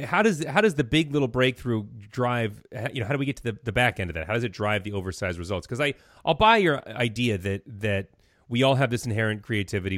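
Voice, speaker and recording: A man hosting a talk show, asking questions in a thoughtful, halting way. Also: mid-range voice, dry recording, studio quality. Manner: thoughtful, halting, with many restarts. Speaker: radio show host. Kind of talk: conversational interview.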